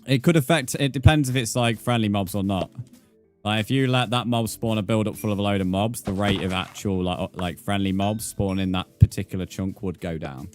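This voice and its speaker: A man's voice: lowish voice, a little fast, darkish tone, faint music behind. A British man chatting casually on a live game stream, easygoing, with lots of fillers as he reads out the chat. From United Kingdom.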